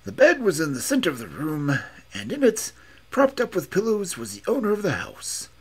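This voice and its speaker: A husky-voiced man reads a classic detective story with dramatic emphasis. His pitch swings widely from phrase to phrase. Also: wildly swooping pitch, moderate pace. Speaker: audiobook reader. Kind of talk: expressive story narration.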